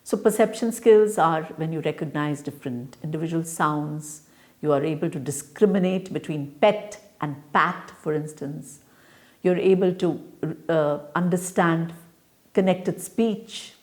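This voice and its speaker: A woman delivers a recorded lecture on teaching, her voice sitting a little low. She explains point by point in a measured, deliberate way, pausing on fillers as she thinks. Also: a little mellow. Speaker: teacher educator.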